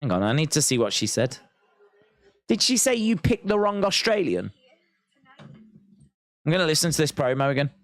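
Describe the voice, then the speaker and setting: Stream host, male, animated pitch swings, dry close mic, rambling chat. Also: moderate pace, pauses often, dry recording. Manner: rambling, thinking aloud, reads chat comments. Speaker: wrestling watch-along host. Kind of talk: live-stream reaction chat.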